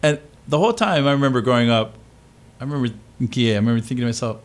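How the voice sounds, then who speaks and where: A man's voice: mid-range voice, lively intonation, very fast. A man from Maui telling stories as a guest in a casual talk show chat. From Maui, Hawaii. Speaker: actor guest.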